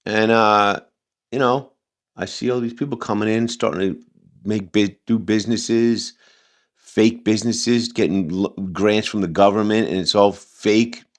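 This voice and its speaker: A man with a low voice talks through a reaction commentary in a loose, heated ramble. He restarts sentences often and leans on fillers as he argues. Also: fairly even intonation, a little slow. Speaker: commentary channel host.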